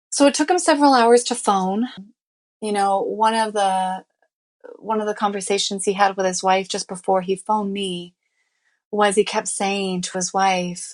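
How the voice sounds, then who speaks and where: A woman guest on an interview show, telling her own life story candidly and earnestly, full of "you know" and "I mean" fillers. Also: medium pitch. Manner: emotional, reliving events as she tells them. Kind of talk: personal storytelling in a conversational interview.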